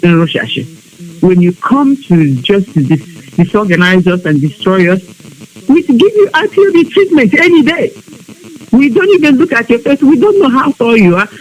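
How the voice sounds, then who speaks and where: A woman's voice: mid-range voice, expressive, a little fast, poor audio. A woman speaking emotionally to a women's group on a live online broadcast, pleading with them and scolding them by turns. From Biafra region of Nigeria. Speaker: women's group member addressing an online audience. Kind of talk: impassioned exhortation.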